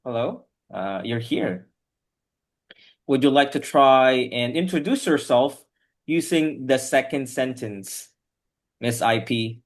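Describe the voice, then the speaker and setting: A man's voice: mid-range voice, lively intonation, slow. A man teaching an online English class over a video call, patiently correcting his students' pronunciation word by word.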